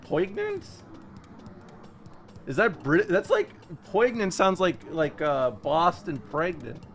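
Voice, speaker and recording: Man, fairly high voice, casual game-stream chatter, rambly and jokey, faint music under him. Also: measured pace. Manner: rambling, jokey, with sudden excited yelps. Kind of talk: casual gameplay commentary.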